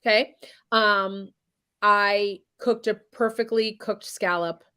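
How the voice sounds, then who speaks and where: A woman's voice: mid-range voice, fairly even intonation, slow pace, bright, forceful tone, smooth. A woman talking as an interview guest, blunt and emphatic, swearing freely as she speaks her mind. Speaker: guest chef and singer. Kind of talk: candid interview talk.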